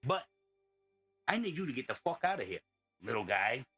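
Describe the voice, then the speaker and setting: A man's voice: mid-range voice, sing-song, normal speed, sharp tone, husky, soft background music, full character voice. A man playing a foul-mouthed, belligerent brawler who rants and taunts nonstop in a tabletop game. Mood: ranting menace. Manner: swearing constantly, taunting, ranting.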